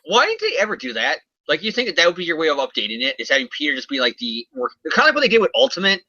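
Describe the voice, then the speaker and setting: A man's voice: on the high side, huge pitch swings, bright, forceful tone, no echo. A man co-hosting a comic book podcast, rambling casually and joking as he recaps an issue. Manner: rambling, jokey, does quick character voices. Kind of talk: casual comic review chat. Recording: dull, dry lo-fi audio.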